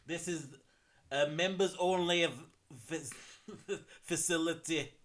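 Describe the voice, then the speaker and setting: A game streamer voicing an officious club doorman in a slow, exaggerated mock Scottish accent. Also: medium pitch, fairly even intonation, a bit bright. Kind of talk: video game voice acting while streaming.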